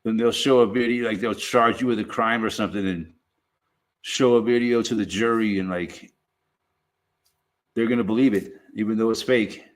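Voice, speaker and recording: A man with a fairly low voice and fairly even intonation delivers a loose, off-the-cuff stream monologue. He swears freely, keeps stopping to restart his sentences, and threads "you know" and "man" through everything he says.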